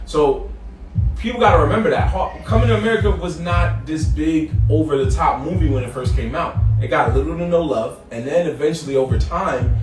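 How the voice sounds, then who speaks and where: A man co-hosting a podcast in casual chat, animated and acting out quotes with sudden jumps in voice. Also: a little high, a little fast. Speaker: podcast co-host. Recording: roomy, distant mic with music behind.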